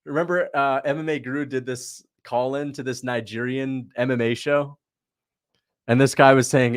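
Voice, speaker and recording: A man's voice: medium pitch, steady tone, clean tone, no echo, studio quality. Chatty young man hosting a livestream. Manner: loose, chatty, quick to laugh, reads out donations. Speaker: livestream host reacting to fights. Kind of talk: casual livestream commentary.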